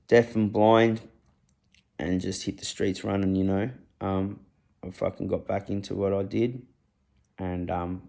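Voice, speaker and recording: Young man, dark gravelly tone, blunt rambling storyteller who swears a lot. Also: low voice. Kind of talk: raw personal storytelling.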